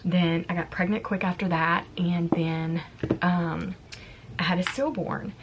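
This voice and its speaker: A woman vlogger in her thirties casually tells a personal story to camera at home, chatty and confiding, often quoting and acting out what she said, while yard work is heard outside. Her voice is on the low side and unhurried, with lo-fi sound and background noise.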